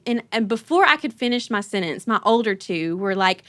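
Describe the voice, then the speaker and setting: A woman, hosting a podcast and telling an animated story, laughing and acting out her kids' voices. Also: on the high side, normal speed, hardly any pauses, no echo. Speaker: podcast host. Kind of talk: casual conversational storytelling.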